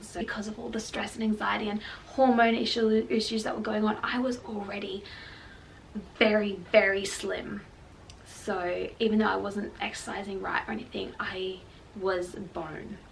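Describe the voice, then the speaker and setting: A woman's voice: medium pitch, fairly even intonation, normal speed, vocal fry. A young woman, candidly and emotionally telling her own story as a vlogger, with lots of "like" fillers. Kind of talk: personal storytelling to camera. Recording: slightly distant mic with faint background noise.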